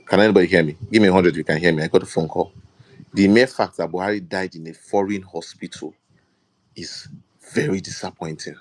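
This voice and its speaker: A deep-voiced man hosts an online audio debate. He speaks directly to the listeners as he hands the floor to the next speaker and gives his own view. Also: brisk. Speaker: debate moderator.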